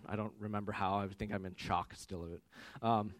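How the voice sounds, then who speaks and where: A man in his thirties preaching a sermon as pastor, with animated storytelling that rises loud for quoted voices. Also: on the low side, moderate pace.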